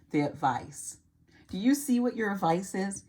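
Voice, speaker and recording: A woman's voice: fairly low pitch, sing-song, takes it slowly, noisy background. A woman giving an earnest, reassuring tarot reading to camera, repeating phrases and trailing off mid-sentence. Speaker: tarot reader.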